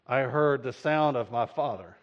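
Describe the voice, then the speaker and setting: A man preaching a sermon, telling a story in an animated way and acting out voices. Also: medium pitch, moderate pace, a faint crowd. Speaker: pastor. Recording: dull lo-fi sound.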